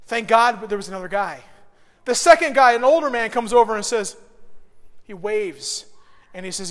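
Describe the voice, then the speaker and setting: A middle-aged man preaching a sermon, telling stories with animated swings between soft and loud delivery. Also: sits high, normal speed, long pauses, big-room sound. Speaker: pastor.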